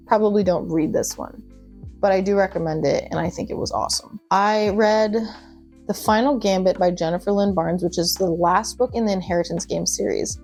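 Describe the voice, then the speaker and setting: Young adult woman, casual book vlogger, gushy and chatty, medium pitch, faint music bed. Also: a little mellow. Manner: chatty and gushing, with laughs and asides. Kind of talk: casual chat.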